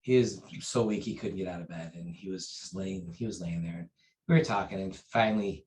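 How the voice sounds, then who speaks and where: A man's voice: brisk, darkish tone, low-quality recording. A man, a martial arts instructor, telling a personal story in a casual interview. He rambles, with fillers and restarts. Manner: acts out quoted dialogue with raised pitch and volume.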